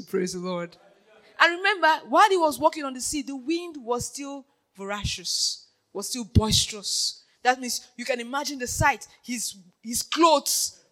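Preacher, sermon, bright sharp tone, hushed-to-shouting delivery, laughs a lot, keeps asking the congregation questions. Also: mid-range voice, poor audio. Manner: animated, swings from hushed to shouting, laughs often; keeps checking in with the audience.

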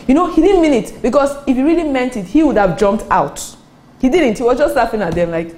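Animated woman preacher. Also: fairly quick, poor audio. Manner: animated storytelling, acts out quotes with rising pitch. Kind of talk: sermon.

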